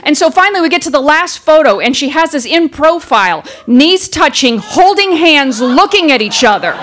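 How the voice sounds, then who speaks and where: A woman telling a comic personal story on stage, animated and acting out the people in it, into a stage microphone. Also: high voice, moderate pace, slight background noise. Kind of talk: live first-person storytelling. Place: stage in front of a live audience.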